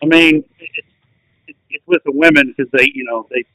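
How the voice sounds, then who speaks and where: Higher-voiced rambling male podcast host. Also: normal speed, pushed and bright, no room sound, low-quality recording. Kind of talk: casual chat.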